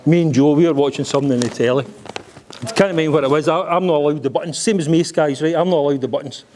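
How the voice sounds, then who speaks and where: Joking Scottish dad giving a wedding speech. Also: male voice, fairly high pitch, very fast, mellow. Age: middle-aged. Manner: joking, blunt, swears freely. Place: wedding reception hall.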